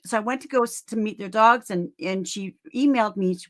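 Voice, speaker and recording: A woman in her seventies, a guest on a live call, telling stories in a rambling, animated way. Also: medium pitch, brisk. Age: 70s. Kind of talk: casual chat.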